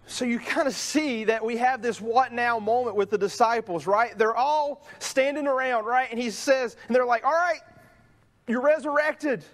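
A man's voice: very high voice, normal speed, few pauses. A man pastor preaching a sermon in a conversational way, often tagging sentences with "right?" and acting out the voices of people in the story. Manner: conversational preaching, many "right?" tags, acts out quoted voices. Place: church sanctuary.

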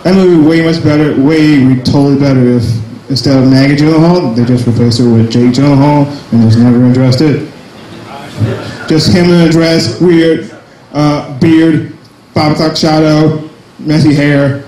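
A man's voice: a little high, fairly even intonation, normal speed, mellow, roomy sound, rough recording. A young man doing a crude, self-mocking stand-up set at an open mic, full of jumpy asides. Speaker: stand-up comedian. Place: small cafe comedy night.

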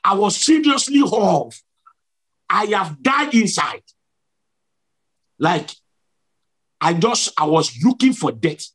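A man's voice: sits high, sing-song, takes it slowly, pauses often, fairly bright tone, breathy edge. A male preacher giving a sermon testimony, telling his story emphatically and repeating key words for drama.

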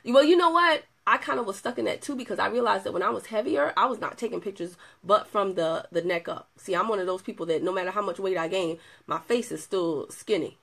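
Animated, chatty woman with gravelly edge. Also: mid-range voice, fairly quick, few pauses. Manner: animated, chatty, with playful asides and laughter. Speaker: product distributor showing client results. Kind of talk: casual video chat.

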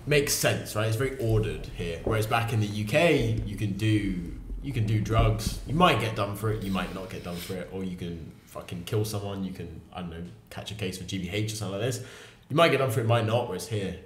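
A man's voice: fairly low pitch, a little fast, few pauses. A man hosting a podcast, chatting casually and swearing now and then. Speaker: podcast host. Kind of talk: casual interview chat. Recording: roomy echo with faint noise.

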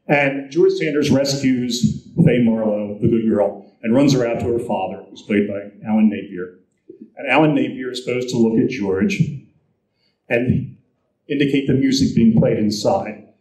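A man's voice: mid-range voice, moderate pace. Man telling stories in an echoey room. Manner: lively anecdotal, acts out quoted lines. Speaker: guest speaker. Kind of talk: storytelling presentation. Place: convention presentation room. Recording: roomy echo, captured from the audience.

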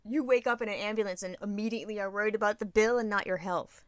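A woman's voice: mid-range voice, fast talker, no echo, studio quality. A woman co-hosting a podcast, telling stories in casual chat, swearing freely and acting out quotes. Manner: profane, animated storytelling with acted-out quotes. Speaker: podcast co-host.

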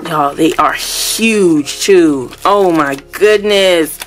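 A woman's voice: on the low side, very slow, soft background music. A woman vlogger unboxing products, gushing and exclaiming as she chats casually to her viewers at home. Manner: gushing, exclamatory, keeps addressing viewers as y'all.

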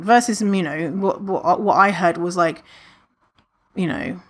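A woman hosting a podcast, talking candidly and casually to listeners, with many fillers and lively retellings. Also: lowish voice, normal speed. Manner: candid, chatty, frequent fillers, animated when retelling. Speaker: podcast host answering listener questions.

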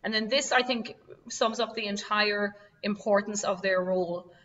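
A woman's voice: medium pitch, fairly even intonation, normal speed, a bit bright, far from the mic, muffled recording. A woman with an Irish accent giving a virtual presentation in a conversational way, with frequent fillers. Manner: conversational, full of "you know" fillers. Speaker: museum director presenting a talk. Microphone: video call.

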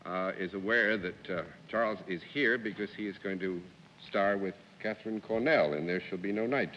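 A man's voice: on the low side, moderate pace. A man hosting a live television panel game, formal and wordy, with a jovial laugh. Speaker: game show host. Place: television studio with live audience. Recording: dull 1950s TV broadcast, hall reverb, faint hiss.

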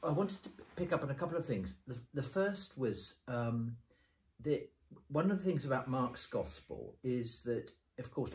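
A man in the role of a bishop explains scripture in relaxed conversation, building his points slowly and often restarting a phrase. His voice sits at an ordinary middle pitch. The recording carries a noticeable roomy echo. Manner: thoughtful, explains step by step with frequent restarts. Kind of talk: conversational bible discussion.

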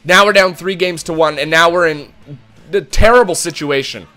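A man hosting let's-play commentary of a hockey video game, excitable, who swears and shouts at the game. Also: on the high side, normal speed, faint music behind. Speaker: gaming channel host.

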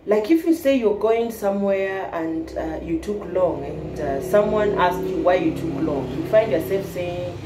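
A woman's voice: fairly low pitch, animated, unhurried, few pauses, loud music behind the voice. A woman from Kenya, vlogging in casual chat, playful and laughing often, mixing in Nigerian Pidgin phrases. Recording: roomy echo with faint background hiss.

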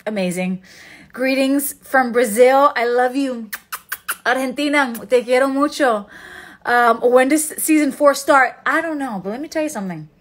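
A woman in her thirties chatting casually on a livestream, excitable and emotional, laughing often. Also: sits high, moderate pace. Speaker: livestream host. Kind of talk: casual live chat.

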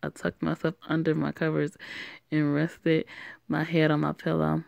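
Low, gravelly young woman narrating. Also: normal speed, no room sound, studio quality. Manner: casual, swearing, deadpan. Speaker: narrator and voice actor. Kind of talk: first-person story narration.

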